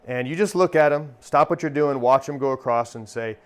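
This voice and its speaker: A magician and comedy performer giving a friendly, jokey lesson on stock lines for handling hecklers. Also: male voice, mid-range voice, fairly quick, smooth. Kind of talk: instructional talk.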